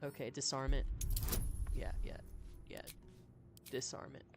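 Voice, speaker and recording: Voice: medium pitch, lively intonation, unhurried, vocal fry, loud music behind the voice. A streamer giving cheerful live commentary while playing a game and reading chat messages aloud. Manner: chatty, upbeat, reads chat aloud.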